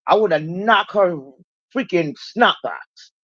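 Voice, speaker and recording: Animated blunt woman telling her story. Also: slow pace, dry recording, highs cut off. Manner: animated, acts out quoted people in raised pitch, blunt and profane. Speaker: channel regular telling her recovery story. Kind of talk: casual livestream storytelling.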